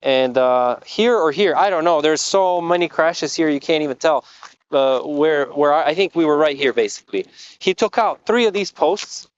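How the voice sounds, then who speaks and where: A man's voice: on the high side, lively intonation, normal speed, clear, resonant tone, dull audio. A man working as a motorcycle tour guide, telling the story of a crash in earnest vlog narration outdoors on a mountain road. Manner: earnest storytelling, explains carefully.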